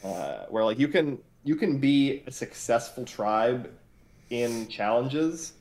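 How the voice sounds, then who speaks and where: A man's voice: mid-range voice, animated, takes it slowly, a little mellow. A man co-hosting a casual recap discussion, talking in a hesitant way with many filler sounds. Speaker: podcast co-host. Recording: roomy echoey room.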